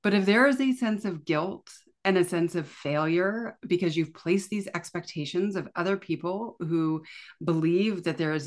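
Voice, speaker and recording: A woman from Canada, a podcast guest, talking in a casual, animated way full of "like" fillers. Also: on the low side. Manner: animated, chatty, lots of fillers like "like". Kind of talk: casual conversational interview.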